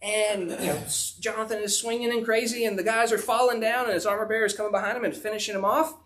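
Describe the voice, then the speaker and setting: High-voiced preacher, folksy. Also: male voice, steady tone, quick pace, a bit bright. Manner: folksy storytelling with frequent fillers. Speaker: pastor. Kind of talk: sermon, retelling a Bible story.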